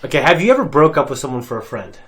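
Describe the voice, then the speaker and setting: A man's voice: mid-range voice, racing. A man chats loosely as a show host. His voice sits in an ordinary middle register, and he rambles through anecdotes, often breaking into laughter and filler words. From Ohio. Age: adult parent. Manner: animated, laughing, storytelling with lots of fillers. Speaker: reaction channel host. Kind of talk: casual chat.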